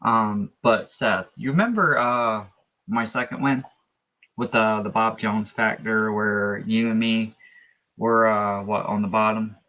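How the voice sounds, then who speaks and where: A man's voice: lowish voice, measured pace, bright, forceful tone, lo-fi sound. A man talking as a race driver in a post-race interview, explaining his moves at length with restarts and asides.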